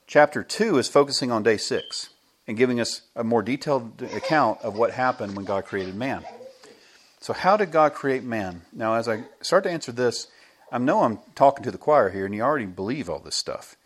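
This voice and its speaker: A man's voice: medium pitch, a little fast, slightly rough. American man preaching a story-filled sermon. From United States. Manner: lively storytelling, chuckles between points. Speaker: pastor. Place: church.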